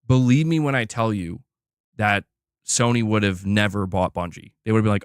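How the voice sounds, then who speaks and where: A man's voice: mid-range voice, big pitch swings, normal speed, no echo, studio quality. A man giving blunt, opinionated commentary on gaming news, emphatic and repeating himself as he pushes his point.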